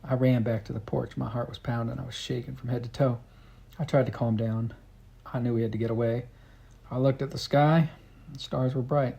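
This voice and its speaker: Gravelly man reading a storybook. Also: mid-range voice, flat delivery, a little fast, mellow. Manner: earnest first-person storytelling. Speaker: audiobook reader. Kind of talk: storybook narration.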